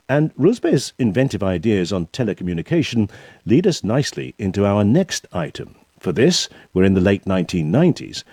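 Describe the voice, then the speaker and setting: Sex: man. Role: presenter. Style: radio links. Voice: low, dark, husky, lively intonation. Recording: dry studio. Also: dry recording. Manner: smooth broadcast delivery. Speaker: programme presenter.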